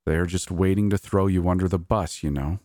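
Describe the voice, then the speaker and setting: A man reading as a sly, sinister male creature in a horror audiobook, speaking slowly and deliberately with a mocking edge. The voice is very deep, and the recording is dry and close, with no room sound. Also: fairly even intonation, dark tone, no room sound, natural voice. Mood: smug, scheming.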